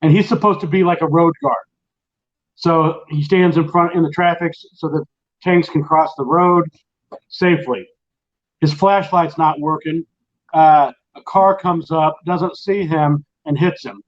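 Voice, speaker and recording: A man's voice: on the high side, unhurried, highs cut off. Rambling middle-aged man hosting a chat. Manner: rambling storyteller, animated. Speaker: host. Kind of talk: casual late-night chat.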